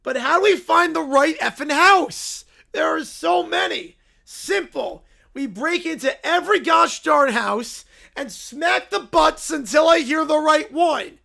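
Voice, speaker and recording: Male streamer putting on a crude, demanding storybook bear: high-pitched, gravelly, bratty and loud. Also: animated, measured pace, full character voice. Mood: bratty shouting. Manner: whiny, shouty, crude. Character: bratty whiny little brown bear, demanding princess.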